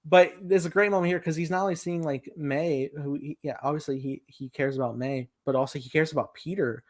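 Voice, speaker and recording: A man's voice: fairly high pitch, steady tone, fairly quick. A young man co-hosting a casual film review podcast, animatedly retelling scenes and acting out quoted lines. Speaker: podcast co-host.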